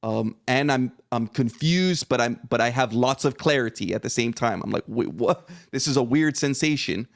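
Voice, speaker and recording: A man's voice: medium pitch, moderate pace, vocal fry, few pauses. A man around forty, a podcast guest, animatedly retelling a personal experience, acting out his own reactions and swearing now and then. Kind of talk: conversational storytelling.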